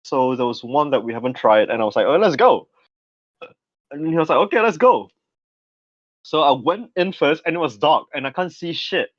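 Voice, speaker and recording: A young man, co-hosting a podcast in casual chat. He laughs often, swears freely and tells stories with animated energy. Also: mid-range voice, quick pace, few pauses, dry recording. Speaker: podcast co-host. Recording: dry, slightly dull podcast mic sound.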